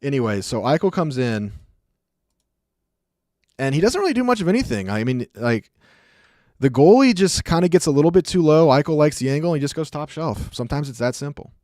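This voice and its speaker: A man's voice: a little high, very animated, fairly quick, darkish tone, dry recording, clean studio sound. A young man streaming, casually talking through hockey clips in a chatty, rambling way with lots of fillers. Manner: chatty, rambling, acts out sounds, many fillers. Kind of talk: casual commentary.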